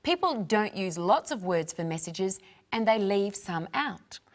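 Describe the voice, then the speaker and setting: A woman's voice: medium pitch, animated, unhurried. A woman co-presenting a language lesson, explaining things in a plain, scripted chat.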